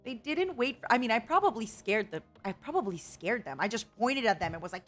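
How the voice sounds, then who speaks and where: A woman's voice: a little high, expressive, brisk, a bit bright. A young woman streaming a casual chat, dramatic and emotional, laughing often, with faint music behind.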